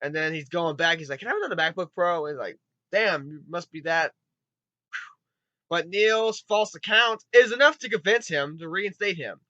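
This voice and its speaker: A man giving a rambling, excitable spoken movie review, swearing often and retelling scenes with quick put-on voices. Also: a little high, dry recording, muffled recording. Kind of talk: casual spoken film review.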